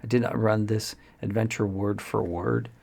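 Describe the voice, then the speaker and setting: Gravelly husky man talking shop. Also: lowish voice, level tone, a little mellow. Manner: rambling, halting with many fillers. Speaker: dungeon master. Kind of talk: casual explanatory talk.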